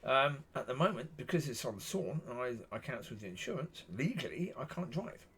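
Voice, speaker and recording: A man's voice: mid-range voice, very animated, fairly quick, a bit bright, husky. A man, talking casually to camera in a rambling, repetitive way, plain-spoken and exasperated. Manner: rambling and repetitive, circling back on itself. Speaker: vlogger.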